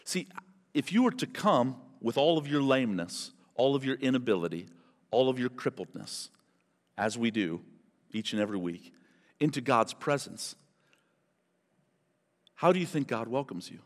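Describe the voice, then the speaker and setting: A man preaching a sermon as pastor, in an animated, conversational way, often turning to people in the congregation. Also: medium pitch, moderate pace, long pauses. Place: church hall. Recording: long hall reverb.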